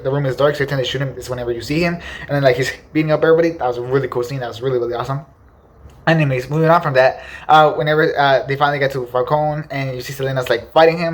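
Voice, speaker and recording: A man chatting about movie scenes at a quick clip, full of fillers and excited repetition. His voice sits at an ordinary middle pitch, and his review is loose, unscripted and eager. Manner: enthusiastic, filler-heavy, repeats "really, really". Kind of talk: casual spoken film review.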